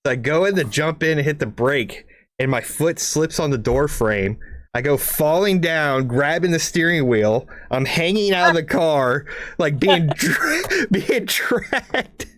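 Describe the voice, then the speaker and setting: A man's voice: fairly high pitch, normal speed. A man co-hosting a casual podcast, telling a long rambling story, cursing freely, tagging lines with "right?" and acting out engine noises. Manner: rambling, profane, lots of "right?" asides; animated, makes engine noises and sound effects. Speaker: podcast co-host.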